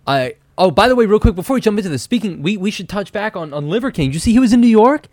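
A man co-hosting a podcast in casual chat, animated and quick with asides, laughing often. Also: sits high, no room sound, studio quality. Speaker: podcast co-host.

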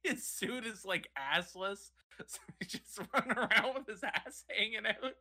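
A man's voice: high voice, unhurried. A young man in crude, casual chat with friends, swearing and joking. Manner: swearing, joking, laughing, animated.

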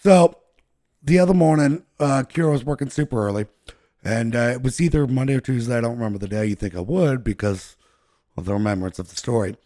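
A man's voice: mid-range voice, fairly quick, dark tone, dry recording, clean studio sound. A man casually telling a long, profane story to friends, rambling and laughing at himself. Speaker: podcast co-host telling a story.

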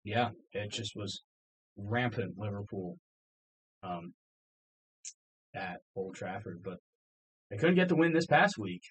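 A man casually recapping football results on a podcast, relaxed and full of ums. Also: on the low side, slow, long pauses, slightly rough, rough recording. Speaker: podcast co-host. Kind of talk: casual sports chat.

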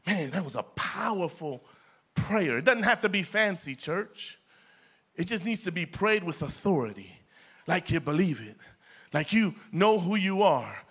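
A man's voice: high-pitched, lively intonation, a little slow, fairly bright tone, breathy edge. A middle-aged man preaching a sermon as pastor, impassioned and repetitive, calling the congregation "church".

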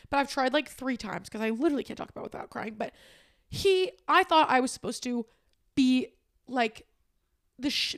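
A young woman in her twenties talks alone on her podcast into a microphone. Her voice sits a little high, and her speech is candid and emphatic, with plenty of swearing. She is close to tears at times. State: crying at times. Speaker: podcast host. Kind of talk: personal, emotional solo podcast talk.

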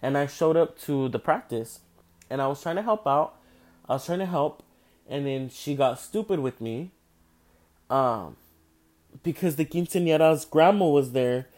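A man's voice: fairly high pitch, unhurried, long pauses. Profane, tired young man telling stories. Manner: profane, rambling, animated, swears constantly. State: tired, yawning. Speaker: vlogger telling a story. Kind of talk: casual storytime.

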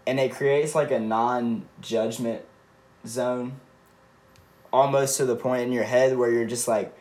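Young male co-host, earnest and reflective, mid-pitched, casual filler-heavy delivery. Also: fairly even intonation, unhurried, a little mellow. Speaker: podcast co-host. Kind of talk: casual chat.

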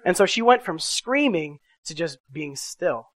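A middle-aged man preaching a sermon, telling a personal story with animated swings from loud to hushed. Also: high voice, moderate pace, hardly any pauses, no echo. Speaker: pastor.

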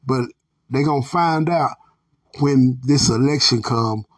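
An American male podcast host delivers angry ranting commentary, blunt and heavily profane, calling his listeners family. His voice is medium-pitched at a measured pace.

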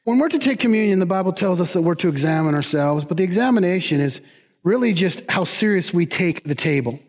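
A man preaching a sermon as pastor in a church, animated and emphatic, repeating key words. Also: sits high, brisk, in a large hall.

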